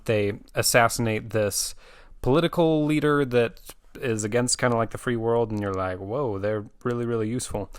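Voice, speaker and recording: A man's voice: mid-range voice, no room sound, studio quality. A man reviewing comics in a casual chat, explaining the story with many fillers.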